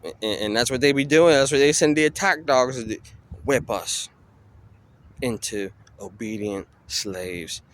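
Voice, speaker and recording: A man's voice: medium pitch, measured pace. A man delivering an impassioned street rant in a preachy way, firing off one rhetorical question after another. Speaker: vlogger.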